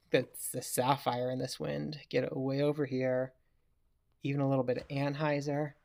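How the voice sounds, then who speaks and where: A man giving casual, chatty commentary over his own gameplay as a video creator, reacting loudly when a throw goes wrong. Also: mid-range voice, gravelly. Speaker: gaming YouTuber.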